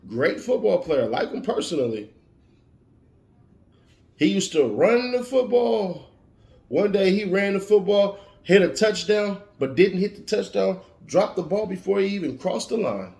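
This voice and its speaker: A man's voice: high voice, expressive, measured pace, vocal fry, darkish tone. A man giving an emphatic motivational monologue, warning and repeating his points like a preacher. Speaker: motivational speaker. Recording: roomy echo.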